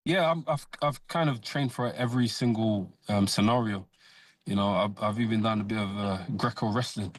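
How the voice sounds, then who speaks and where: Boxer guy on a radio interview, lowish voice, dry sound, lots of ums. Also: dry recording. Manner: measured, hesitant, many fillers. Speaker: professional boxer, guest.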